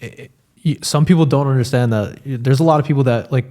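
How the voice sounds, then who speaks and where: A man's voice: medium pitch, brisk, warm tone. A man hosting a casual podcast conversation, agreeing easily and talking in slang. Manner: laid-back, agreeing, slangy. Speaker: podcast host.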